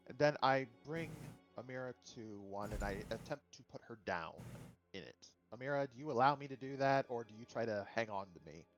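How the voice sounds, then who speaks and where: A man's voice: mid-range voice, brisk, soft background music, rough recording. A man playing in a tabletop game, asking questions casually and declaring his character's actions. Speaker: player.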